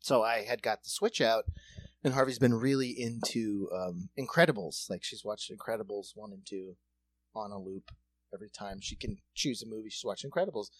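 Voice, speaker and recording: Rambling, joking podcast dad. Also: male voice, fairly low pitch, normal speed, no room sound. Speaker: podcast co-host. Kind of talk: casual chat.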